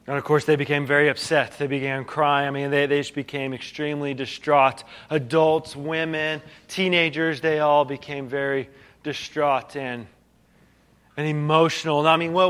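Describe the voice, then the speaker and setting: A male pastor preaches a sermon in a fairly high, level voice at a moderate, smooth pace. He tells a story with dramatic quiet drops and rising questions, often repeating phrases and starting them over.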